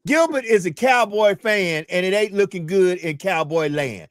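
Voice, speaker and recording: Excitable man co-hosting sports talk. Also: high voice, moderate pace, dry recording, studio quality. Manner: excitable, repeats himself. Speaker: co-host. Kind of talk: casual sports chat on a livestream.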